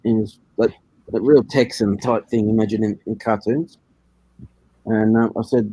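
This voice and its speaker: A man's voice: on the low side, fairly even intonation, a little slow, warm tone, no room sound, muffled recording. An Australian man telling a tall story in a casual voice chat, laid-back and chuckling at his own jokes.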